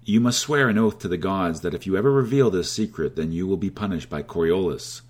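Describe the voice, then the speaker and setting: A man with a deep, husky voice voicing an older woman from the ancient sea world, calm, wry and measured in his speech. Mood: solemn.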